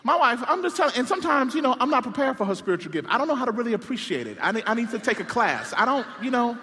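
A man preaches a comedic sermon, animated and playful, breaking off for self-deprecating asides. His voice sits high and sounds bright and forceful. It rings with the long reverb of a large sanctuary. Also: racing. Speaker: pastor.

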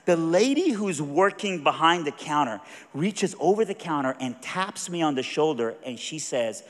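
Animated high-voiced Southern preacher. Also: male voice, moderate pace. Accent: Southern American. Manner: animated, folksy storyteller acting out other voices. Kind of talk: sermon storytelling. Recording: long reverb of a large hall.

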